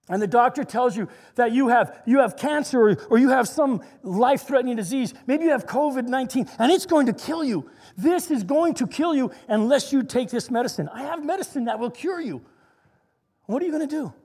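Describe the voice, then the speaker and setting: Guy preaching a sermon, really high voice, earnest, repeats himself for emphasis. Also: a little mellow, breathy edge. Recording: long reverberant echo.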